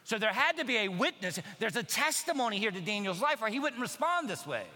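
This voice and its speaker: High, bright-voiced preaching man. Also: fairly quick, long reverb tail. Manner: animated, conversational preaching with acted-out quotes. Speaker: pastor. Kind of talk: sermon. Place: church sanctuary.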